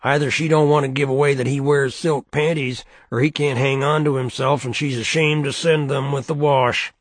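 A man's voice: medium pitch, fairly even intonation, moderate pace, dry recording, pitched above the performer's own voice, close to an everyday voice. A man voicing a big, heavy washerwoman who is scornful and blunt, gossiping heavily in a raised voice.

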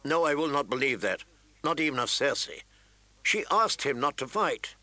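A grave, honourable lord, played by a male reader, speaking bluntly and in earnest. The voice is bright and forward in a dry, close recording. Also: medium pitch, sing-song, moderate pace, no echo, exaggerated voice. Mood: earnest tense.

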